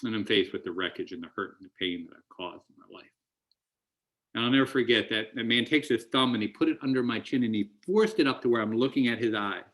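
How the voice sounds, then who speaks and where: A man's voice: fairly low pitch, fast talker, fairly bright tone. A middle-aged man speaking at a recovery meeting, telling his story in an earnest, emotional way with many restarts. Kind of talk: recovery talk.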